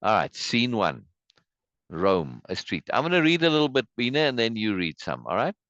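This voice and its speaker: A man's voice: mid-range voice, big pitch swings, normal speed, a bit bright, no echo, dull audio. A man hosting a casual play reading, chatty and musing, with frequent asides and laughs, on a video call. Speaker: host reading a play aloud.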